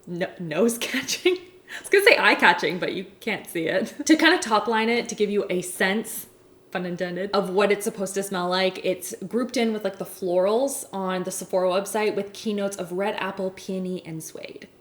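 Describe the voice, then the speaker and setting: A woman's voice: mid-range voice, normal speed, fairly bright tone, reverberant. A woman in her thirties chatting enthusiastically about beauty products at home, laughing often. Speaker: beauty vlogger. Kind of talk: casual product review.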